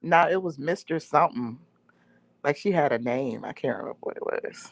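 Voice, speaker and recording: Female guest co-host, playful quick replies, casual, voice with a gravelly vocal fry. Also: deep voice, animated. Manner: short, playful interjections. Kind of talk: casual live chat.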